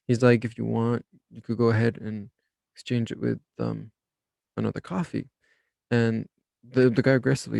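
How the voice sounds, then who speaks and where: Relaxed and rambling, the young host of a self-help podcast shares his story, stumbling through restarts and filler words. He has a gravelly voice at a middle pitch, recorded close and dry with no echo from the room.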